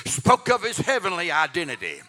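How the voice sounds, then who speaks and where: A man's voice: high voice, wildly swooping pitch, a little fast, sharp tone. A man preaching a sermon in a rising, sung cadence and calling out to the congregation again and again. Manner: repetitive calls to the congregation.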